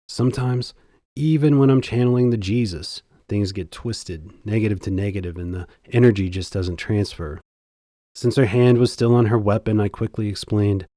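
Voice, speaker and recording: A man giving a scripted comic narration in the first person, deadpan and sardonically boastful. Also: on the low side, normal speed, no room sound, clean studio sound.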